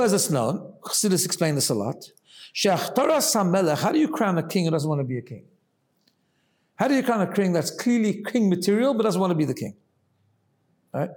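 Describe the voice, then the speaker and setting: A man with a somewhat high voice teaches a Chassidic Torah class. He explains step by step, tosses in "right?" to check on his listeners, and mixes Hebrew terms into his talk. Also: darkish tone. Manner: explanatory, asks rhetorical "right?" often, mixes Hebrew phrases.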